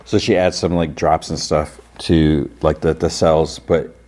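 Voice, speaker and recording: A deep-voiced man hosting a podcast, recapping an episode in a relaxed, casual way. He rambles through the retelling with plenty of fillers. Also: a little slow. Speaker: podcast host.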